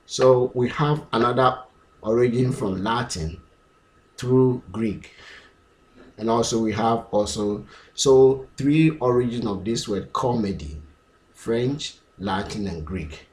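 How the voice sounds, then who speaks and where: A man teaching pronunciation, drilling words slowly and repeating them many times. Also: medium pitch, darkish tone, a little hiss or hum. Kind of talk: slow, repetitive pronunciation lesson.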